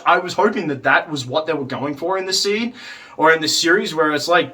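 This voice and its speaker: A man with a high, bright voice talks through a casual review, rambling and peppering his sentences with "like" and the odd swear word. He sounds somewhat distant from the microphone. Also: fairly quick. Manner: rambling, heavy use of "like", swears, acts out quotes. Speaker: video reviewer.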